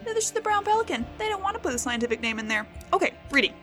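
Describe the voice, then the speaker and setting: A woman's voice: very high voice, sing-song, racing, pushed and bright, faint music behind. A young American woman hosting a casual solo podcast, playful and self-mocking as she stumbles over words. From United States. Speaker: podcast host.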